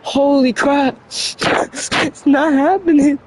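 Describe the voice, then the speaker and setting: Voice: high voice, steady tone, drawn-out words. A young adult streamer chatting casually on a livestream, stumbling over words, laughing often and mocking themself. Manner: laughs often between lines.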